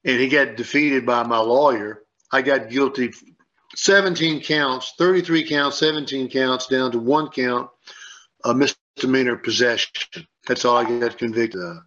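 A man's voice: medium pitch, unhurried, fairly bright tone. A man on a sports radio show, rambling and repeating himself as he tells a story and acts out what people said. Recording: dull lo-fi sound.

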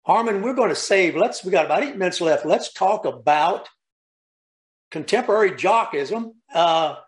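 A man hosting a radio show, talking casually and haltingly with ums. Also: high voice, lively intonation.

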